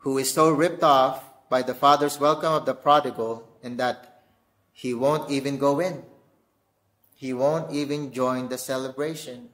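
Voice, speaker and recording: A man with a Filipino accent preaching a sermon as a guest pastor, earnest, slowing down to press pointed questions. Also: medium pitch, fairly even intonation, a bit bright.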